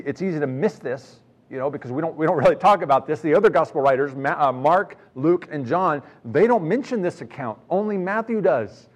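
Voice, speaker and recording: A man preaching a sermon in a conversational way, reading scripture with rising emphasis. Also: fairly high pitch. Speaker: pastor.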